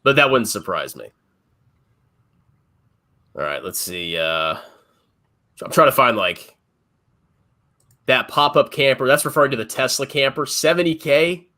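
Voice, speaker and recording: Animated, blunt male co-host. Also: mid-range voice, measured pace, long pauses. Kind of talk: casual livestream chat.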